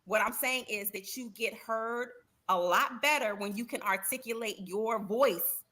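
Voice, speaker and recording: Measured woman arguing on a panel. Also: fairly high pitch, sharp tone. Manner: measured, reasoning, persistent. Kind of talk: panel debate.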